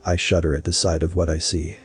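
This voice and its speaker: A man narrating a first-person story in a measured, steady way. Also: deep voice, husky, faint music behind.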